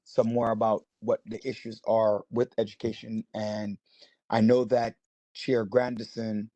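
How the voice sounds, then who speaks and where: A man's voice: fairly low pitch, flat delivery, a little slow, warm tone, dry recording. A man chairing a community board, talking casually on a video call, hesitant with many fillers and good-humored. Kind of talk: casual meeting remarks. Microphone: video call mic.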